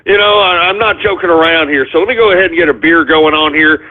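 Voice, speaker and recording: A man's voice: fairly high pitch, quick pace. A male radio show host in a ranting talk monologue, agitated and sarcastic, swearing as he goes. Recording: phone-like call-in radio audio.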